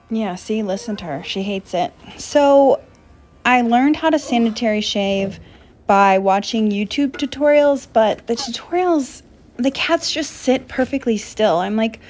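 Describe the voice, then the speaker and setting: Young woman, casual voice-over, dry humor, jumps up in pitch when excited. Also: a little slow. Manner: wry, deadpan jokes with sudden excited rises. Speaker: pet vlogger.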